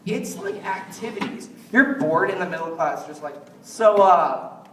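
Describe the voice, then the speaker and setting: A man's voice: fairly high pitch, expressive, moderate pace, far from the mic, noisy background. A man doing a stand-up comedy routine, rambling and jokey, often slipping into mock quotes of other people. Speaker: stand-up comic. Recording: echoey room, voice from afar.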